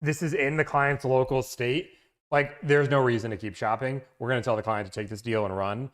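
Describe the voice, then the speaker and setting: A man's voice: mid-range voice, fairly even intonation, a little fast, a bit bright. Rambling man hosting a livestream. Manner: rambling, self-interrupting, chatty with viewers. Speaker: car-buying negotiation service host. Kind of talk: casual livestream chat.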